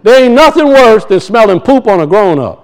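A middle-aged man preaches a sermon at a brisk pace, his pitch rising and dropping as he acts out quoted voices and repeats or restarts phrases for emphasis. The recording is rough.

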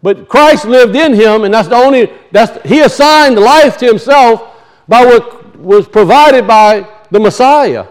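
A man with a high voice preaches a sermon, reading scripture aloud between his comments. He talks with emphasis, asks his listeners pointed questions and repeats words to drive his points home. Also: animated, a little slow, rough recording.

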